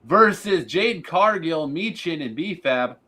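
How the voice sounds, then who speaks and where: A man's voice: fairly high pitch, lively intonation, slow pace, sharp tone. A man co-hosting a casual wrestling podcast, blunt and sarcastic as he runs through lists of matches. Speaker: podcast co-host. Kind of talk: casual wrestling recap chat.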